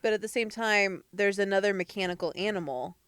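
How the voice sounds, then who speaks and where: A woman's voice: mid-range voice, a little fast, a bit bright, clear, resonant tone, no echo, clean studio sound. A woman co-hosting a podcast, adding playful joking asides to a casual movie recap. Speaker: podcast co-host.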